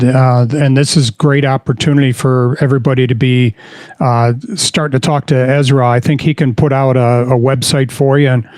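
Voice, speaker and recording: A man's voice: mid-range voice, darkish tone, no room sound. A man co-hosting a casual podcast, telling stories in an easygoing way with plenty of fillers. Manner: easygoing storyteller, reads posts aloud with fillers. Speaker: podcast co-host.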